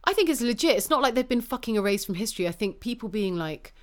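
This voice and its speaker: This podcast co-host talks fast with few pauses at a medium pitch. Passionate and animated, she curses freely while pressing her points in a heated, casual exchange.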